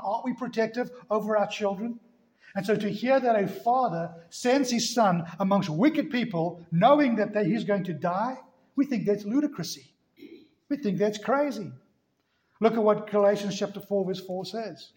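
Pastor guy preaching hard, high voice, lots of questions, echoey room. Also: normal speed, darkish tone. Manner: emphatic, asks rhetorical questions. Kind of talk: sermon.

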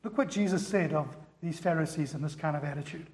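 A male pastor preaching a sermon with animated storytelling. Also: fairly high pitch, brisk, echoey room, long reverb tail.

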